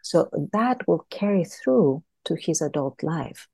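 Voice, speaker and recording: Woman, interview guest, earnest storyteller, mellow tone, dry close sound. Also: low-pitched, lively intonation, slow, creaky, breathy edge, dry recording. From Greece. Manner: earnest, repeats words while thinking. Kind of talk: podcast interview, explaining with a story.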